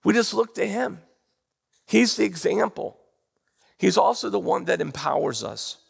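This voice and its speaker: A man preaching a sermon in church, animated and drawing responses from the congregation. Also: high voice, normal speed, creaky, breathy edge. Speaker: pastor. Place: church sanctuary.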